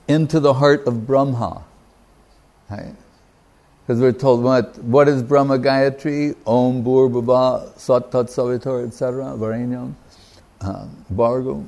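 A man giving a devotional talk as a spiritual teacher, reflective and unhurried, pausing with fillers and quoting Sanskrit verses. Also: medium pitch, a little mellow.

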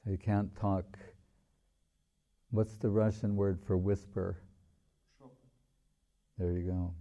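An older man speaks slowly and thoughtfully, giving a devotional teaching with long pauses between phrases. His voice is gravelly and very dark, and it sits low. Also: level tone, muffled recording. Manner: slow and reflective, with long pauses. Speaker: spiritual teacher. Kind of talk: devotional talk with chanted prayers.

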